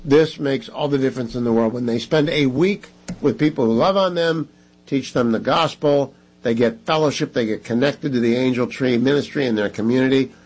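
A man hosting a talk radio show, making an emphatic, repetitive pitch to listeners. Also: brisk, a little mellow, low-quality recording.

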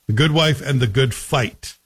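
A man's voice: mid-range voice, unhurried, husky. A man talking casually about a TV series in a chatty, wry way, asking rhetorical questions. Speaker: TV reviewer. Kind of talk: casual spoken TV review.

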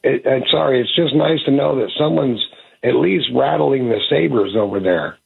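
A man calling a talk radio show, sick and rough-voiced, chatting in a friendly, folksy way. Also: medium pitch, moderate pace, phone-quality sound. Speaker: caller.

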